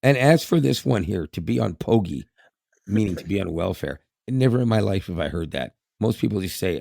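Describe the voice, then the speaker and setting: A man's voice: low voice, expressive, brisk, gravelly, mellow, no room sound, studio quality. A man, co-hosting a podcast in casual chat, laughing often and repeating words. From Canada. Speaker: podcast co-host.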